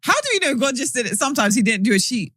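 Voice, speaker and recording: A woman's voice: a little high, very animated, racing, fairly bright tone, breathy edge, dry recording, studio quality. A young woman, co-hosting a podcast and laughing a lot in casual chat. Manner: playful, laughs often. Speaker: podcast co-host.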